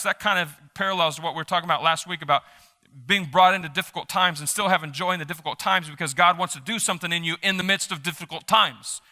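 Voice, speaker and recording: Animated pastor preaching in a hall. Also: male voice, a little high, quick pace. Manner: animated, shifts between loud reading and quiet asides. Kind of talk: sermon. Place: church sanctuary. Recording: reverberant church hall.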